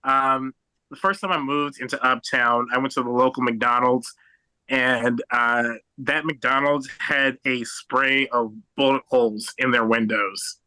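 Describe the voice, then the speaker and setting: A young American man doing a stand-up set over a video call, halting and rambling with many fillers and restarts. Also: mid-range voice, fairly even intonation, bright, forceful tone, dry recording, low-quality recording. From United States. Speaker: stand-up comedian.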